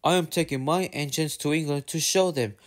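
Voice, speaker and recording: A man's voice: a little fast, lightly acted. A man voicing a stern, pompous railway boss in a storybook reading. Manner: stern, booming.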